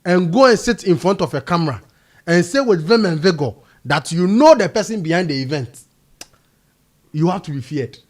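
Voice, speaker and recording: A man's voice: high-pitched, animated, moderate pace. A man with a Ghanaian accent, an emphatic panelist in a discussion. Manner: emphatic, mixing English and Twi.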